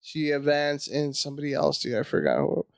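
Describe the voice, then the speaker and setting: A man telling a casual, profane story as a comedy guest, acting out his own panic in high voices. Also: steady tone, fairly quick, gravelly, dry recording, studio quality.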